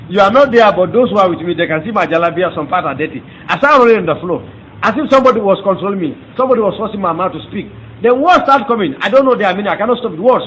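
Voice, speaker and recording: A man giving an emphatic, fervent testimony as a preacher. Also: rapid-fire. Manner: fervent, emphatic, rises in pitch when excited. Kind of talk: testimony sermon. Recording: dull lo-fi recording with faint ambient noise.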